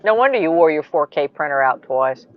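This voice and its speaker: A woman hosting a casual chat, welcoming and quick to laugh. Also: low-pitched, animated, no echo. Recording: dull lo-fi sound.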